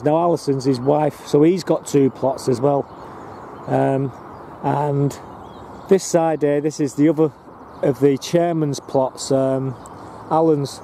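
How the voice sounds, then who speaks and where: Filmed outdoors on a handheld camera, a man casually rambles through a walking tour of his allotments, stumbling over ums and starting sentences again. His voice is fairly high with a dark tone, and there's a slight hiss or hum on the recording.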